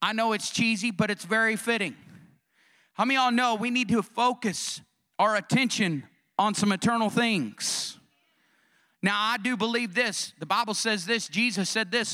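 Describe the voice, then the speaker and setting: High, bright fervent preacher. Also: male voice, normal speed. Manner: fervent, call-and-response preaching. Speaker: pastor. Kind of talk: sermon. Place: church sanctuary.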